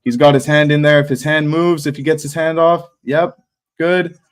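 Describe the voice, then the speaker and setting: A man's voice: fairly high pitch, fairly even intonation, normal speed, smooth. A young man hosting a live fight watch party, talking casually and bluntly with slang and swearing. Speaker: livestream host.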